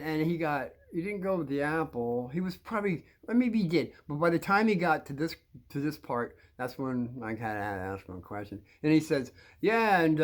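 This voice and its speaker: An older man telling a rambling personal story, halting with many restarts and chuckles. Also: fairly high pitch.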